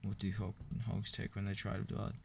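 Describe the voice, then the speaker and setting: A man reading a joke book aloud in a flat, weary way, with profane asides. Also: fairly low pitch, normal speed. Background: clear background music.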